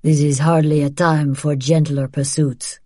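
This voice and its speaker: A woman voicing a weary, bitter middle-aged father who speaks in flat, guarded tones. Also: deep voice, measured pace, dry recording, studio quality.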